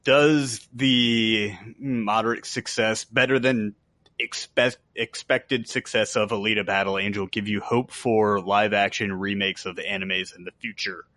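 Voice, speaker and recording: A man's voice: fairly low pitch, fairly even intonation, measured pace, sharp tone, no echo. A man in his thirties co-hosting a podcast, teasing his friends with mock indignation. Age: 30s. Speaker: podcast co-host. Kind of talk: casual chat.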